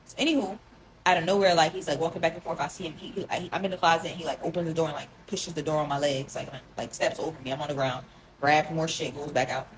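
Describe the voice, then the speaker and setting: A young woman telling a long personal story to her viewers in a casual, rambling way, full of "like" and slang, often dropping into a hushed tone. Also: low-pitched, steady tone, quick pace, a crowd in the background, poor audio. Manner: rambling, heavy filler "like", emotional, addresses viewers as y'all. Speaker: storyteller recounting a relationship.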